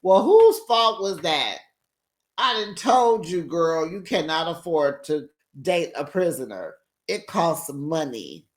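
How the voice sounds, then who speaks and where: A reality TV recap host giving sassy, animated, gossipy commentary and calling viewers honey and girl in a casual, chatty way. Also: mid-range voice, takes it slowly. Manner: talks in a breezy, chatty way.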